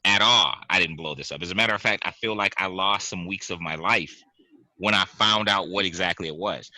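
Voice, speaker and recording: A man hosting a casual podcast, telling an animated story, acting out quotes and laughing. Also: deep voice, fairly quick, dry recording. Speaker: podcast host. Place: home basement.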